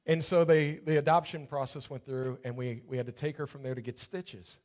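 A man's voice: mid-range voice, fairly even intonation, a little fast, a little mellow. A man preaching a sermon, telling a personal story and building to fervent preaching. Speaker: pastor.

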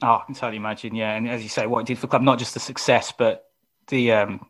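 Relaxed male host running an interview. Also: mid-range voice. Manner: relaxed, reads match details, quick backchannels. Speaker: podcast host. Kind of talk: casual interview chat.

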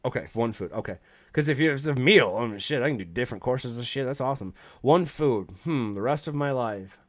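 A man's voice: medium pitch, animated, a little fast, dry recording. A man, a chef and podcast host, telling a long story as an interview guest, swearing freely and acting out the people he quotes.

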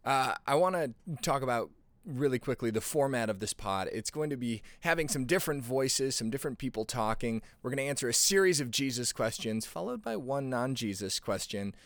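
A man hosting a casual podcast from a studio, talking in a playful, joking way with a friend. His voice sits at an ordinary middle pitch. He laughs easily and keeps things light. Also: expressive, a little fast, no room sound, soft background music. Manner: playful, laughs often, jokey. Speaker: podcast host. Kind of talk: casual chat.

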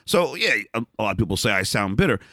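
A middle-aged man as an interview guest, telling candid stories in a blunt, animated way, often restarting and repeating words. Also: fairly low pitch, quick pace, no room sound, studio quality. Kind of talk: candid storytelling in a conversation.

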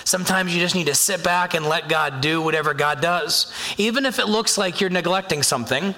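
A man preaching a sermon as a pastor, talking in a conversational, animated way and acting out inner voices. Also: high-pitched, fairly quick, hardly any pauses. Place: church sanctuary. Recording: long hall reverb.

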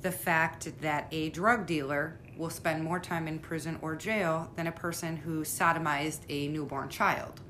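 A woman with a low voice interviews her sister, asking blunt, probing questions in a casual, outspoken way. Her tone is plain and direct. A faint rumble runs under the recording. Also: steady tone, a little slow, few pauses, a bit bright.

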